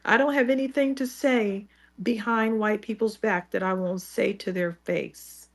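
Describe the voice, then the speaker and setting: A woman's voice: mid-range voice, fairly even intonation, measured pace. A woman co-hosting a talk show, speaking emphatically in firm, repeated declarations. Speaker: co-host. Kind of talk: impassioned talk-show discussion.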